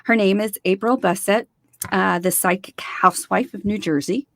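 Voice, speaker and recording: A woman's voice: mid-range voice, moderate pace, gravelly, fairly bright tone, no room sound. A woman co-hosting a podcast, talking casually with many fillers and repeated words, and reading out a guest's bio. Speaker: podcast co-host.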